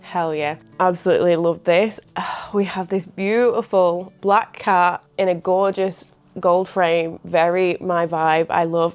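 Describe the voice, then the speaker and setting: A woman chatting excitedly to camera in a casual vlog, often laughing and gasping as she talks. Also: on the low side, takes it slowly, hardly any pauses, clean tone, soft background music. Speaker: small business owner and vlogger.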